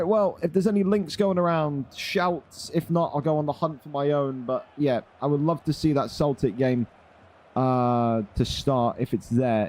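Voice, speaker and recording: A man's voice: medium pitch, mellow, slight background noise. A young man chatting casually on a live stream, running a gaming league. He is blunt and swears freely.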